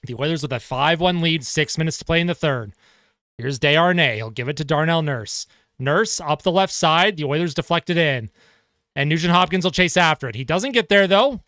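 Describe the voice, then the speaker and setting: A man giving live play-by-play of a hockey game as a fan commentator, excitable and quick to shout. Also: a little high, no echo, studio quality. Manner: excitable, shouts on goals, laughs at himself.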